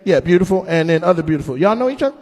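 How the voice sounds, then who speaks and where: Animated stand-up comedian roasting his crowd. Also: high voice, very fast. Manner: loud, animated, mocking, acts out voices. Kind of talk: live stand-up crowd work. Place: comedy club stage.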